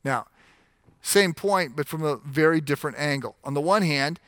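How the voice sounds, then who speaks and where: Bright, crisp-voiced man preaching. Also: fairly high pitch, normal speed, dry recording, studio quality. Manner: animated, acts out the scripture voices; frequent restarts and fillers while explaining. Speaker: pastor. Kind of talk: sermon.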